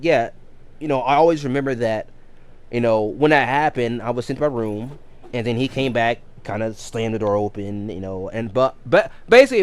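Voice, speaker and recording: A man in his thirties talks casually to his stream audience. He rambles, restarts his sentences and repeats words as he goes. His pitch swings up and down a lot. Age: 30s. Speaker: game streamer and coach. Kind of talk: casual chat on a live stream.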